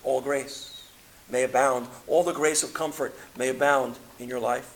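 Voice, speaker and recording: A man preaching a sermon, reading scripture aloud and swinging between loud emphatic peaks and quiet low passages. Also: fairly even intonation, a little slow. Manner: reads scripture aloud in King James wording.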